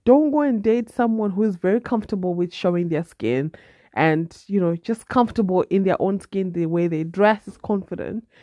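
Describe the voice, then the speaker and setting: A woman's voice: medium pitch, lively intonation, moderate pace, warm tone, no echo, dull audio. A woman from Zimbabwe hosting a solo podcast, chatty and advice-giving with a nasal, congested voice and repeated phrases. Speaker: podcast host.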